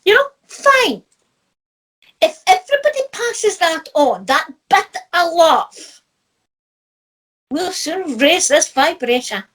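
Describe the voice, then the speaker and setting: A woman's voice: extremely high pitch, takes it slowly, pauses often. A middle-aged woman with a Scottish accent, a spiritual teacher chatting casually and laughing often as she tells stories. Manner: lively storyteller who laughs often. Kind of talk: casual chat.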